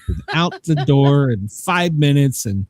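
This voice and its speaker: A man's voice: mid-range voice, lively intonation, moderate pace, darkish tone. A man hosting a podcast in casual chat, rambling and self-mocking and often breaking into laughter. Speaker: podcast host.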